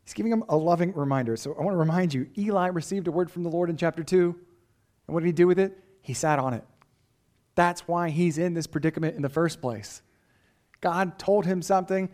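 A man's voice: fairly high pitch, a little mellow. A pastor delivering a sermon in an earnest, emphatic way, often asking his listeners rhetorical questions.

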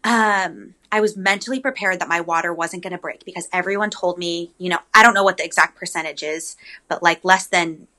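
A young adult woman with a fairly low, slightly quick voice recounts her birth story in a relaxed chat. She's chatty and animated, sprinkling in lots of "like" and "um."

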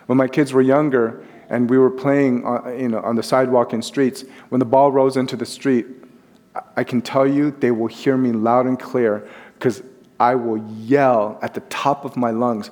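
A middle-aged male pastor delivers a sermon in an easy, conversational manner, with lively acted-out quotes now and then. His voice sits at an ordinary pitch for a man. The sound carries a long reverb, as in a large church sanctuary. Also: normal speed.

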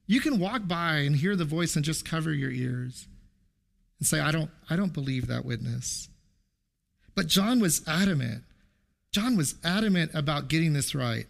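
A man's voice: a little high, vocal fry. A middle-aged man preaching a sermon as a pastor, telling stories and acting out quotes with animation. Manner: storytelling with acted quotes, animated.

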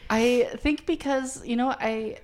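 A woman's voice: a little high, slow, darkish tone. A woman co-hosting a casual chat, wry and teasing.

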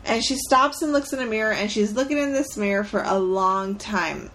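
A woman chatting casually and telling a story with animated energy and offhand swearing. Her voice is at an ordinary pitch for a woman. Faint background noise sits beneath her. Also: moderate pace.

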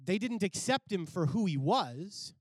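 Male preacher, high-pitched, earnest, scripture-reading sermon delivery, dry close recording. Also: very animated, unhurried, husky, no echo. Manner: earnest, reads scripture aloud then explains it, rising emphatically at key points.

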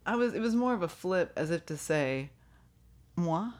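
A woman's voice: lowish voice, expressive, fairly quick, a little mellow. A woman co-hosting a casual podcast chat, talkative and playful, laughing often. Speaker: podcast co-host.

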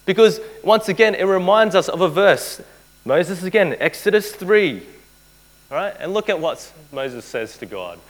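A man's voice: high-pitched, expressive, a little slow, low-quality recording. A man preaching a sermon to a live audience, earnest, repeating key phrases and putting rhetorical questions to his listeners.

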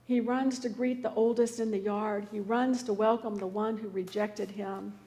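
A woman's voice: medium pitch, fairly even intonation, normal speed, dark tone. Woman preaching in a reverberant hall. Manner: earnest, pleading storytelling. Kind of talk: sermon.

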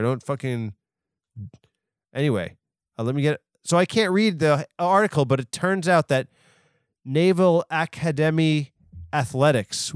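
Young male podcast host, mid-pitched, profane and rambling, with bursts of mock outrage; dry close mic. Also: no room sound. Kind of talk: casual comedic news riff.

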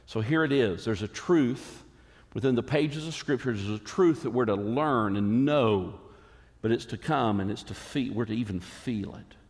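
A man preaching a sermon as a pastor, earnest and emphatic, with dramatic pauses. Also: mid-range voice, in a large hall.

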